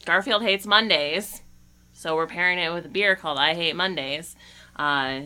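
A woman hosting a podcast in casual chat, chatty and quick to laugh, swearing casually. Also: lowish voice, sharp tone, clear, resonant tone. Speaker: podcast host.

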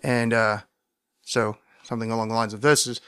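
A man hosting a podcast, telling a long story in a wry, rambling way and sometimes acting out shouted quotes. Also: mid-range voice, level tone, a little fast, clean tone, no echo, studio quality. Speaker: podcast host. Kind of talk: casual storytelling monologue.

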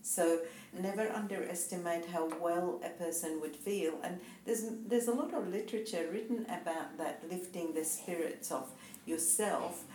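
A woman's voice: lowish voice, moderate pace, warm tone, slight background noise. A woman co-hosting a casual chat, telling reflective anecdotes and laughing easily. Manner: reflective, chatty storyteller who laughs easily. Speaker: co-host. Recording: roomy echo.

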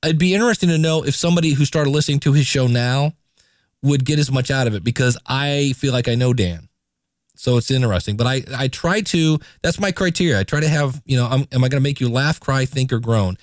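A man hosting his own podcast, talking casually with lively inflection and playful asides. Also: mid-range voice, fairly quick, no echo, studio quality. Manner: chatty, animated, playful asides. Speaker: podcast host. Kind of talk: casual solo podcast talk.

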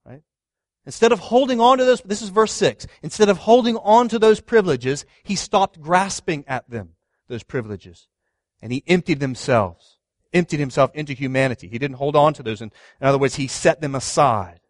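A man in his thirties, a pastor preaching a sermon, asking the congregation questions and swinging from loud stress to hushed words. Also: fairly high pitch, moderate pace, dry recording, clean studio sound.

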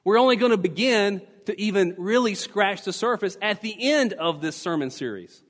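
Male pastor, sermon, high-pitched voice, emphatic teaching, long church reverb. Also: expressive, moderate pace, fairly bright tone. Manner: emphatic, teaching, repeats key phrases. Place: church sanctuary.

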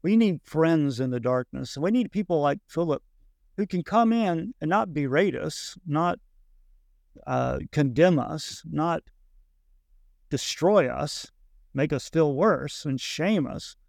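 A man's voice: on the high side, lively intonation, slow pace, gravelly, darkish tone, dry recording, clean studio sound. A man speaking earnestly in a Bible discussion, with a preacherly way of repeating himself.

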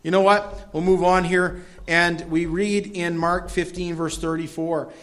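Male pastor, earnest sermon delivery, raised pitch, builds to loud passages. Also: level tone, unhurried. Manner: earnest preaching, rising loud on scripture readings. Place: church.

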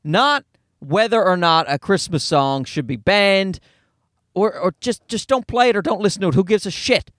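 A man's voice: high-pitched, moderate pace, fairly bright tone, no echo. A comedian in his thirties hosting his own podcast from a home studio, ranting casually with profanity and acted-out voices.

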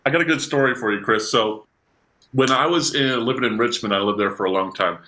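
A man from Virginia tells animated stories in a casual podcast chat and laughs along as he goes. His voice is bright and forceful. He talks at an ordinary pitch. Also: brisk. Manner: animated storyteller, laughs often. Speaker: podcast guest, musician.

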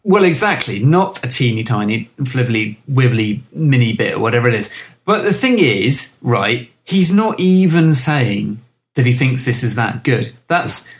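A man's voice: medium pitch, very animated, unhurried. A man co-hosting a comic chat show, wry and sardonic. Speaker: podcast co-host.

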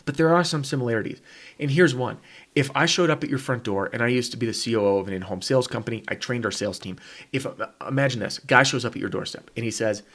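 A man's voice: mid-range voice, fast talker, a bit bright. A man hosting a podcast and teaching with casual, emphatic talk, often asking rhetorical questions and adding "right?". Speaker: podcast host and copywriter.

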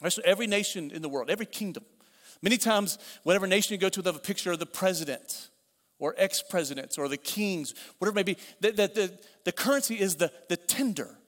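Middle-aged male pastor, high voice, chatty preaching with repetition, church hall with long reverb. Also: lively intonation, fast talker. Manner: conversational preaching with repeated phrases and asides. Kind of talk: sermon.

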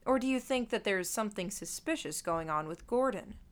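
A composed male shepherd leader, as a woman reads him in an audiobook. He speaks in a measured, steady way, probing with calm questions. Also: medium pitch, lightly acted.

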